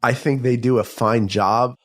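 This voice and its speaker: A man co-hosting a comedy podcast, talking in a playful, animated way. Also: mid-range voice, a little slow. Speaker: podcast co-host. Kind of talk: improvised comedy chat.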